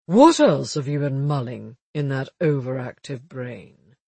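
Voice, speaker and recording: A man reading as a wry, husky police detective. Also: mid-range voice, very animated, darkish tone, no echo, full character voice. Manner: measured, wry, matter-of-fact. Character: shrewd, dry-humoured male police detective. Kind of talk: audiobook dialogue reading.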